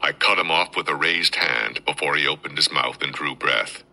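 A man, a podcast host, reading a first-person military memoir aloud in steady storytelling. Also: rumbling low, normal speed, poor audio.

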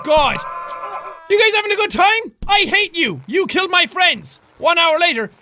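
A man giving loud, excitable let's-play commentary, shouting, swearing and joking as he plays. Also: extremely high pitch. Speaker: gaming video host. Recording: noisy recording.

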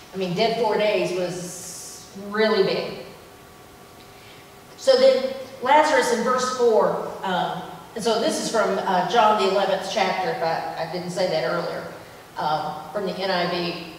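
A woman's voice: mid-range voice, a little slow. A woman teaching a Bible passage during a church service, chatty and enthusiastic, with plenty of fillers. She is heard from a distance in a big echoing hall with a long reverb and faint room noise. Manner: conversational and enthusiastic, with many fillers. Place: church sanctuary. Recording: echoey hall from far off.

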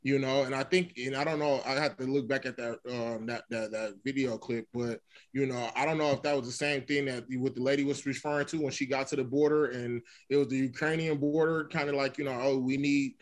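A man's voice: mid-range voice, fairly even intonation, fairly quick. A man co-hosting a podcast, earnest and worked up, asking rhetorical questions and repeating himself. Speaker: podcast co-host. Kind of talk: casual discussion.

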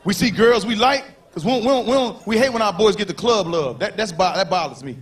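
A man doing a stand-up comedy routine on stage, talking in an animated way and acting out characters in quick voices. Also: high voice. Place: comedy club stage before a live audience. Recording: live show with crowd laughter and faint noise.

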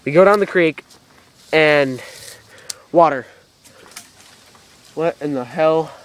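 A young man in an amateur outdoor video drama, excitable and swearing as he plans aloud in the woods. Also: a little high, takes it slowly. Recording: outdoor camera mic with faint noise.

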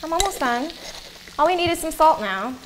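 A woman's voice: sits high, lively intonation, normal speed, slight background noise. A woman chatting casually and asking curious questions while cooking on a show, with frequent giggles. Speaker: co-host.

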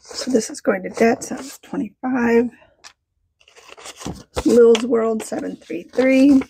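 A woman budgeting vlogger chatting casually as she counts cash, bubbly and excitable, talking to herself as she goes. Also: a little high, slow, creaky, slight background noise. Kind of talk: casual vlog chat while counting cash.

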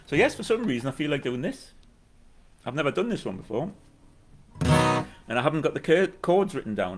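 A man's voice: on the high side, big pitch swings, fairly quick, long pauses. A middle-aged man, chatting casually and wryly between songs as a musician hosting his own live stream. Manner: rambling, wry and self-mocking. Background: acoustic guitar.

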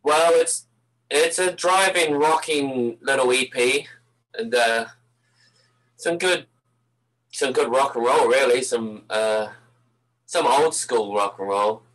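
An older man from New Zealand speaks as a guest in an interview, his New Zealand accent softened by years in Canada. His voice sits at a middle pitch. He talks in an easygoing, halting way, with many ums and uhs. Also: rough recording. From Napier, New Zealand. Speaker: band musician, guest. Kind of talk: casual interview.

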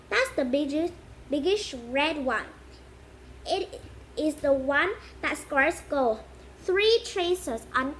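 A woman reading the part of a tired boy who answers in a flat, resigned way. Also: very high voice, slight background noise, exaggerated voice.

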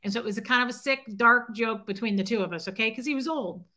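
A woman's slightly high voice comes out fast, bright and forceful as she hosts a livestream. Her personal story rambles along emotionally, broken up by greetings to chat viewers by name.

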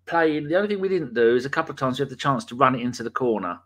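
A man hosts a casual live podcast and jokes with his viewers as he reads their names from the chat. He talks at an average pitch, loose and chatty, and swears now and then. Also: lively intonation, rapid-fire, a bit bright. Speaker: podcast host.

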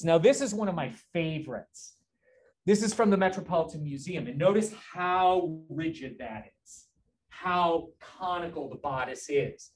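A man giving a live class lecture on slides, enthusiastic, often pointing things out and checking in with the listeners, and answering student questions conversationally. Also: fairly high pitch. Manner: enthusiastic, keeps prompting listeners with "notice" and "right?". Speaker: lecturer on fashion history.

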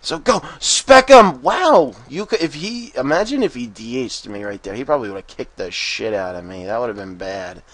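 A man giving casual gameplay commentary, excitable and profane, often bursting into rapid panicked strings of "no" and laughing. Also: medium pitch. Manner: swears freely and laughs often. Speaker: game commentator.

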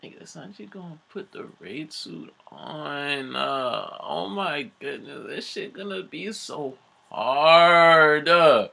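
Man reacting live to a comic, lively bright voice, slow drawn-out talk, slangy asides. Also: on the high side, gravelly. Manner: hyped, slangy, swearing, muttering asides. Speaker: video reactor.

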